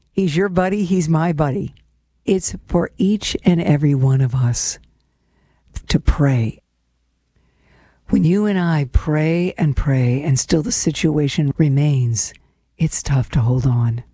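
A woman speaks in a mellow, warm voice, hosting a devotional program. Her talk is earnest and personal, reflecting on scripture as if chatting with friends. The recording is dry and close, with no room sound. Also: sits low, no room sound. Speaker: host of a devotional show.

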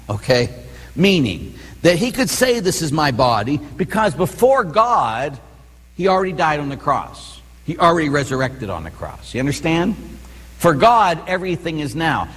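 Animated priest with a husky voice. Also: male voice, fairly high pitch. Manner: conversational, keeps checking the listeners follow. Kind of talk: teaching sermon. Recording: long reverb in a large room.

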